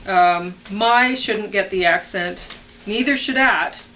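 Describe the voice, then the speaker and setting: A woman with a bright, clear voice talks through song lyrics in a loose, chatty way. She reads a line, pauses on fillers, then says which word should get the accent. Faint noise sits under the recording. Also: mid-range voice, poor audio. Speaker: podcast co-host reviewing songs. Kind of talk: casual analytical chat.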